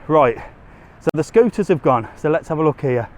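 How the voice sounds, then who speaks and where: A man's voice: on the high side, expressive, normal speed. A man chatting casually to viewers as he walks a resort strip on a live stream, a little out of breath. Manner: chatty, casual, talks to viewers while walking. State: slightly out of breath from walking. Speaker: travel vlogger. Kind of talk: live walking tour commentary. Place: outdoors on a busy resort street.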